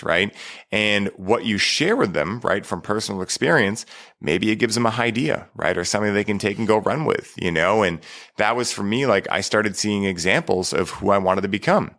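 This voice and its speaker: Male host, low pitch, crisp bright tone, casual affirming chat. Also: expressive, moderate pace. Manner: affirming, peppers speech with "right?". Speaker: podcast host.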